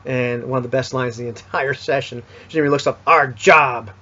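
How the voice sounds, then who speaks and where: A man with a husky, slightly breathy voice talks casually through a recap of a tabletop game session. He rambles and backtracks, full of fillers and restarts. The sound is dull and lo-fi. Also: mid-range voice, flat delivery, a little fast. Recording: dull lo-fi recording.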